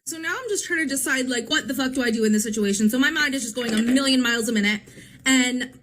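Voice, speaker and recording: A young woman telling a dramatic story in casual chat, animated and swearing freely, acting out what people said. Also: high-pitched, quick pace, a little hiss or hum. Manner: animated, swearing, acts out quotes.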